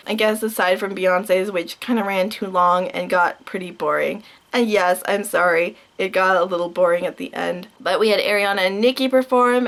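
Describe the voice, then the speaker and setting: A young woman vlogging a heated, sarcastic, profanity-heavy rant. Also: medium pitch. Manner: heated, sarcastic, swears a lot.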